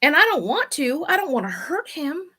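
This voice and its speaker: A middle-aged woman hosts her own casual video chat, a little higher-pitched than most women. She talks bluntly and swears freely, venting her frustrations without any filter. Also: big pitch swings, normal speed, sharp tone. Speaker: vlog host. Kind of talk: candid personal chat.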